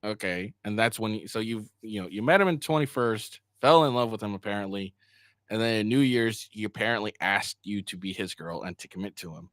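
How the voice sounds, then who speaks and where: A man's voice: fairly low pitch, fairly quick, fairly bright tone, no echo, clean studio sound. A man streaming live, reading messages aloud and mocking them with frequent swearing and laughter. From Asian heritage. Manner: profane, mocking, reads texts aloud verbatim. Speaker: streamer reacting to a podcast drama. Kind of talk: live reaction commentary.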